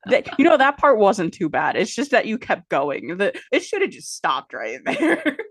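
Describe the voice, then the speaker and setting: A woman's voice: mid-range voice, wildly swooping pitch, normal speed, husky, dry recording, clean studio sound. A woman co-hosting a casual podcast, teasing her co-host and reading aloud from a book.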